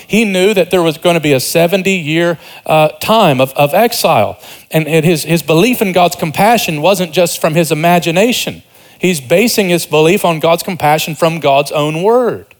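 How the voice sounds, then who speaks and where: A man's voice: on the high side, moderate pace. Earnest man preaching a sermon. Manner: earnest preaching, rising emphasis then quiet asides. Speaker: pastor.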